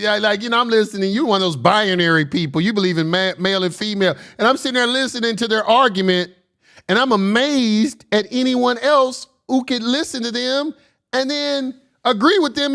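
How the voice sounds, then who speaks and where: High-voiced, blunt man riffing on scripture. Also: normal speed, gravelly, a bit bright. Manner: blunt and emphatic, reads verses aloud, laughs often. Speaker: commentator reading and discussing scripture. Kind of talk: casual spoken commentary.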